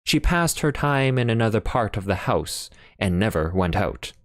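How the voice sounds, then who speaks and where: A man's voice: on the low side, sing-song, normal speed, no echo, clean studio sound. A man narrating an audiobook in a plain reading manner. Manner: plain reading with occasional fillers and restarts.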